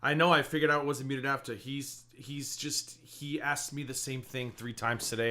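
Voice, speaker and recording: A man's voice: medium pitch, fairly even intonation, moderate pace, few pauses, bright, forceful tone. A man hosting a live reaction stream, talking in a sarcastic, mocking and exasperated way. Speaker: live-stream commentary host.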